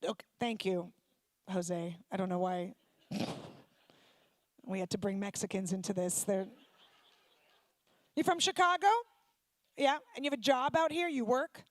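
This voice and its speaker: A woman's voice: medium pitch, measured pace, pauses often, dry recording. A woman doing stand-up comedy with crowd work, sarcastic, brash and profane. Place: synagogue comedy night stage.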